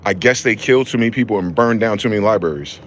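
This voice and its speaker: This vlogger's angry ranting monologue is profane and confrontational, looping back to repeated rhetorical questions. His voice is fairly low, a bit bright and quick, with a little hiss or hum.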